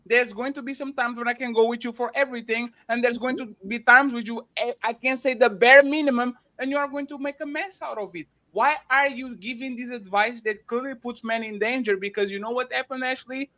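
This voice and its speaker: A man's voice: very high-pitched, steady tone, fairly quick, hardly any pauses, bright, forceful tone. A man hosting a podcast, arguing emphatically in a heated debate, interrupting and repeating himself.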